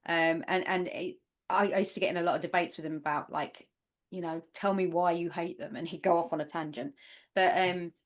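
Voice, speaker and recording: London woman chatting casually, low-pitched. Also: a little fast. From England. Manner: animated storyteller, swears freely. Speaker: podcast guest. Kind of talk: casual chat.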